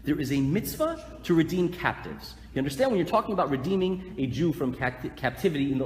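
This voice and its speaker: Animated rabbi lecturing in an echoey hall. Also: male voice, on the high side, fast, hardly any pauses. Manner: animated, joking, asks the audience questions. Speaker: rabbi teaching a class. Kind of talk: lively live Torah lecture. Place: lecture hall with live audience. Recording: echoey hall, faint room noise.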